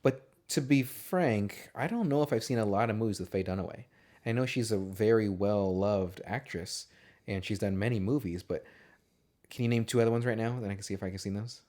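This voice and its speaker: A man's voice: lowish voice, a little fast, darkish tone. A man co-hosting a casual movie podcast, talking in a rambling, profane way and laughing often. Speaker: podcast co-host.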